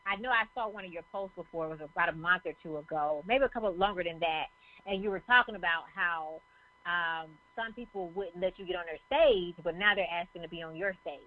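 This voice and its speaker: A woman's voice: on the low side, brisk. A woman co-hosting a talk radio show, encouraging and affirming as she asks her guest guiding questions over a phone call. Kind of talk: casual interview talk. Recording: tinny phone line.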